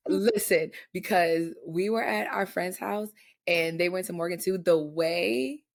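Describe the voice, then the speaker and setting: A woman co-hosting a podcast, telling excitable stories in a chatty, slangy way. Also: on the low side, measured pace, gravelly. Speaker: podcast co-host. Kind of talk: casual chat.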